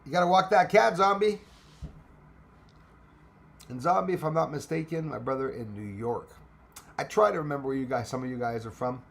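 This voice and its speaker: A man's voice: medium pitch, animated, quick pace, creaky. A man with a Quebec French accent hosting a casual livestream, chatting with viewers, switching between English and French and swearing freely. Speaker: space channel livestream host.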